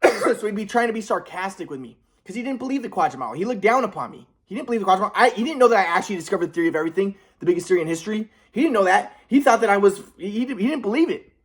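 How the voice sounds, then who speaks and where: A young man talking quickly in an agitated, rambling monologue, swearing as he goes. His pitch jumps around a lot. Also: animated. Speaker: vlogger. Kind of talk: casual monologue.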